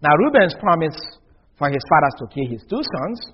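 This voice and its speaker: A husky-voiced man preaches with a lively, swooping delivery that sits a little high for a man. He acts out little bits of dialogue and keeps dropping from loud bursts to near-murmurs. The recording is dull and lo-fi. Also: fairly quick. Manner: animated, acts out dialogue with big swings from loud to very soft. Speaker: pastor. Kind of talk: sermon.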